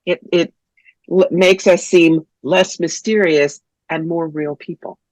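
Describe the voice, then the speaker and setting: A woman's voice: fairly low pitch, measured pace, no room sound, low-quality recording. A woman from New York, a psychic telling frank, funny stories as an interview guest. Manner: blunt, animated, funny storyteller. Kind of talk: interview, storytelling.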